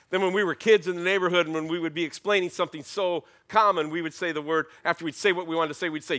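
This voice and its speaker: A middle-aged man preaching a sermon as pastor, talking in a conversational way with emphatic, animated bursts. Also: fairly high pitch, fast talker, hardly any pauses.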